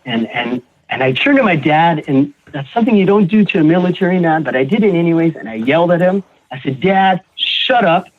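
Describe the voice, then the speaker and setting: A man guest on a recovery podcast, telling his personal story in a halting way, repeating words and acting out what others said. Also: fairly high pitch, animated. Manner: halting, repeats words, acts out quoted voices. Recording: tinny phone-like audio.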